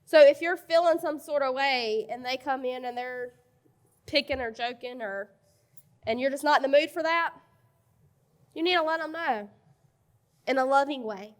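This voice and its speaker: A woman's voice: sits high, normal speed, pauses often. A woman in her thirties speaking frankly to a church audience about marriage, with direct advice and laughing asides. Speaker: co-presenter at a marriage conference. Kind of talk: conversational church talk.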